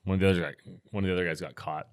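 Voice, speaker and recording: Deep-voiced man telling a story. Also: fairly even intonation, rapid-fire, no room sound, studio quality. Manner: laid-back, rambling with restarts and fillers. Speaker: podcast guest, firearms instructor. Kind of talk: casual storytelling.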